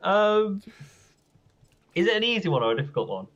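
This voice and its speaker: Brief: male community manager, lively pitch, muffled stream audio. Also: fairly quick. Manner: animated, laughs often, exclaims loudly when wrong. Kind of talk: casual game stream chat.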